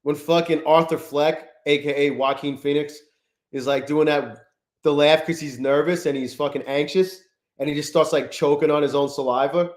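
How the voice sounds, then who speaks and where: A man in his forties hosts a live trading stream, chatting casually with viewers in a profane, restless way and swearing often. His voice is fairly high with a steady tone at normal speed.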